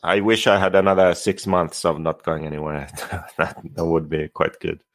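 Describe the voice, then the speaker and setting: A man co-hosting a podcast, talking in a laid-back, low-key way. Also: flat delivery, moderate pace. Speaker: podcast co-host. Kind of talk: casual chat.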